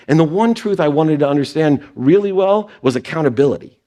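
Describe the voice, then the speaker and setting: On stage before an audience, a man gives a motivational talk, sharing personal stories and quoting others in short put-on voices. His voice is a little high, expressive and darkish in tone, at a moderate pace.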